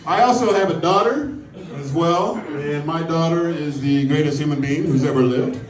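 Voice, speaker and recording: A man's voice: a little high, normal speed. A middle-aged man doing a stand-up comedy set, dry, self-mocking and profane. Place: comedy club stage before a live audience. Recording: roomy live club sound, mic at a distance, audience laughter. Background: audience laughing.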